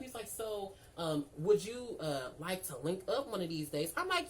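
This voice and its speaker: Young woman telling a storytime, lowish voice, animated and cussing, acts out both sides. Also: fairly quick, hardly any pauses, a little hiss or hum, rough recording. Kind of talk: casual storytime chat.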